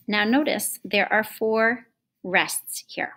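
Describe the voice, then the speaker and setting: A woman music teacher giving an online lesson to children, patient and encouraging, slowing down sharply whenever she chants the lines. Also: mid-range voice, fairly bright tone.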